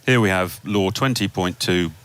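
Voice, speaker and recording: A man's voice: low voice, normal speed, a bit bright, smooth. A man, a cricket magazine editor, explaining a rule on a panel in an anecdotal way. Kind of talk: casual panel chat.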